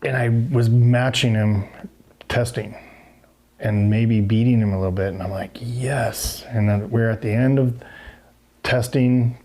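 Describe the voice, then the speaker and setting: Middle-aged man, chatty guest, animated storytelling, acts out quotes. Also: medium pitch. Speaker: guest, former motocross racer. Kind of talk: casual storytelling interview.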